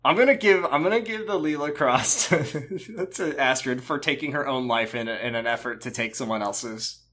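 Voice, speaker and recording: Bright-voiced guy cohosting a podcast, excitable, swears a lot, trips over his words. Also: mid-range voice, normal speed. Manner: animated, swears, stammers when excited. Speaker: podcast co-host. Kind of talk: casual chat.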